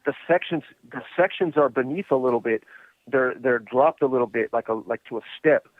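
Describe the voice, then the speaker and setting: A man hosting a podcast, telling stories in a relaxed, rambling way full of "you know.". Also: medium pitch, brisk, no room sound. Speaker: podcast host. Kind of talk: casual storytelling chat. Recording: tinny phone line.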